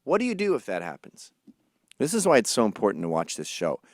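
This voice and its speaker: A man's voice: fairly low pitch, wildly swooping pitch, fast talker, dry recording, studio quality. A man hosting a comedy podcast, telling crude stories animatedly and acting out other people's voices. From Scotland. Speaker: podcast host. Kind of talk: comedic storytelling.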